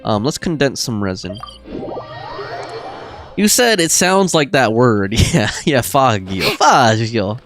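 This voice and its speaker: A man's voice: mid-range voice, big pitch swings, slow, pauses often. A man streaming a game, chatting casually and thinking aloud as he plays. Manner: rambling, thinking aloud with laughs. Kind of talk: casual gameplay chat. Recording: faint game music behind.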